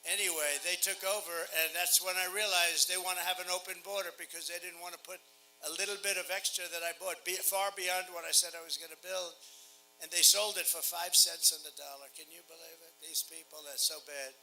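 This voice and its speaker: An older American man gives a rally speech at a podium microphone, boastful and sarcastic, repeating his lines and dropping from loud bursts to hushed asides. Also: high voice, little pitch movement, a little fast, faint music behind, poor audio. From United States. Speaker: campaign speaker. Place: outdoor campaign rally.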